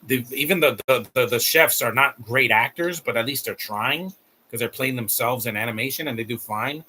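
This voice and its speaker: Male streamer, bright tense voice, blunt grumbling off-the-cuff commentary with restarts. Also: mid-range voice, normal speed, slight background noise. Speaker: live streamer. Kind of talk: casual live-stream commentary.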